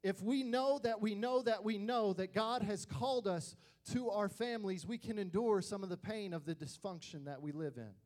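A young man preaching to youth, telling personal family stories in an animated way and acting out the voices of people he quotes. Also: sits high, moderate pace, few pauses. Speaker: youth pastor.

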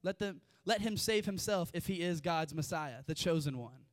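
A man's voice: fairly high pitch, lively intonation, normal speed, dry recording, clean studio sound. A young man preaching a casual sermon, reading scripture with chatty, informal asides. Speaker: youth preacher.

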